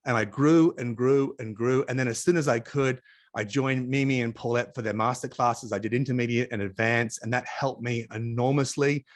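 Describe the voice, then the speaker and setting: A man's voice: mid-range voice, steady tone, moderate pace. A middle-aged Australian man, an interview guest on a video call, telling chatty anecdotes with asides in a casual storytelling way.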